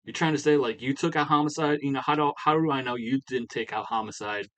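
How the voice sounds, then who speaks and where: A man's voice: lowish voice, normal speed, fairly bright tone, low-quality recording. A man voicing a suspicious, hot-tempered wrestler. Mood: accusing. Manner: accusing, raised voice.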